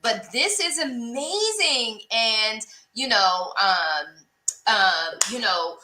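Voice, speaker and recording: A woman hosting an interview on a video call, talking in a lively, encouraging way. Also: fairly high pitch, extremely slow, reverberant, low-quality recording. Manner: lively, encouraging, builds points with examples. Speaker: interview host. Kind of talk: casual interview chat.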